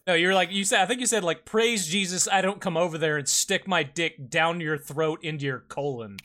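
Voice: medium pitch, brisk, sharp tone. A speaker casually chiming in with their own side of the shared story. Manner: chiming in, laughing along. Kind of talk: casual podcast chat.

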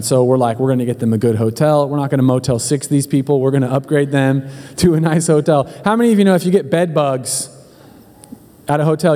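A man's voice: a little high, dark tone, big-room sound. A man preaching as a pastor, telling a humorous story in a chatty, joking way and speaking straight to his congregation. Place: church hall.

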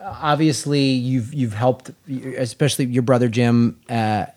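A man's voice: mid-range voice, fairly even intonation, a little slow, a little mellow. A man hosting a podcast in loose, conversational chat, often chiming in with short agreements. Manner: loose, conversational, frequent backchannels. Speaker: podcast host.

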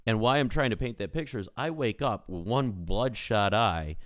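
Man in his 30s, very low voice, smooth and resonant, dry close sound, lively storyteller. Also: normal speed, dry recording. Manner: animated storyteller, acting out people in his story. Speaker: podcast co-host. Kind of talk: casual storytelling chat.

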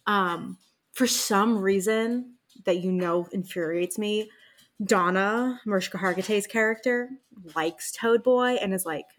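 A woman's voice: mid-range voice, a little slow. A young woman co-hosting a podcast in casual chat, talking loosely with many fillers. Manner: chatty, many fillers, laughs along. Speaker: podcast co-host.

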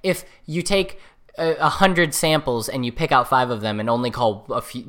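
A young woman co-hosting a podcast in casual chat, animated and swearing freely. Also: rumbling low, moderate pace. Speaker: podcast co-host.

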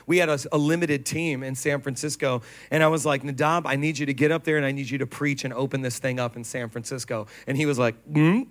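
A man's voice: on the high side, a bit bright. A man preaching to a congregation, telling stories with laughter and acted quotes. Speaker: pastor. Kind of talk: sermon. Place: church stage before a congregation.

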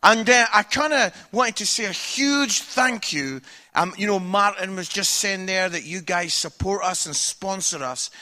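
High bright-voiced preacher. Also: male voice, a little slow. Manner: candid, humorous, animated storytelling. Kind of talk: sermon with personal storytelling. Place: church stage with an audience.

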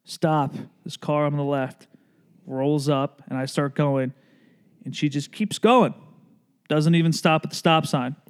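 A man with a slightly high voice, co-hosting a casual podcast. He tells stories with energy and acts out the people in them as he goes. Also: measured pace, smooth. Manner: animated storyteller, acts out drivers and friends. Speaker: podcast co-host. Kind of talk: casual chat.

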